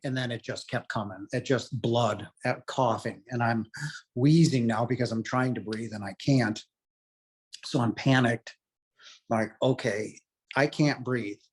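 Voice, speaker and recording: A middle-aged man with a husky, slightly breathy voice, pitched at an ordinary level for a man. He tells his own story as an interview guest, earnest and rambling, leaning on "you know" again and again. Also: steady tone, moderate pace. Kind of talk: candid personal storytelling.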